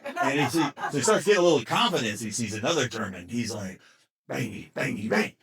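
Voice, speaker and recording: A man at a family gathering telling a long joke, acting out the characters with lively sound effects. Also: mid-range voice, fast. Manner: animated storyteller acting out characters. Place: outdoors at a family reunion.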